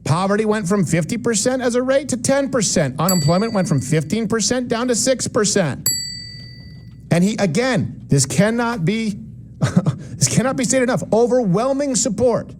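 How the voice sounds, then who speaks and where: Sarcastic, animated man host. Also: moderate pace, a little hiss or hum. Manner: sarcastic, emphatic, swings between loud and low. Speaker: commentary show host. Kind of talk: opinionated political monologue.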